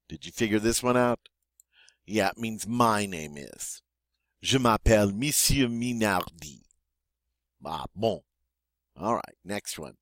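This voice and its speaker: Male teacher, lowish voice, slow and animated, dry close sound. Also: no room sound. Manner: slow, repeats each word twice. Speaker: French teacher. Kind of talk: vocabulary lesson.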